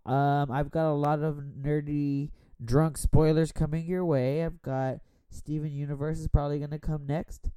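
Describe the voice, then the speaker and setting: A man's voice: a little high, steady tone, moderate pace, hardly any pauses, mellow, smooth, dry recording. A man hosting a podcast while tipsy, talking in a rambling, profane, casual way. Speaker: podcast host. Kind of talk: casual chat. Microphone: borrowed studio microphone.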